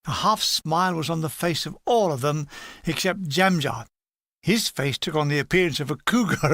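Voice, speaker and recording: A man's voice: fairly high pitch, gravelly, fairly bright tone, dry recording. A man reading a humorous war memoir aloud in a dry, playful storytelling manner. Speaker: audiobook reader.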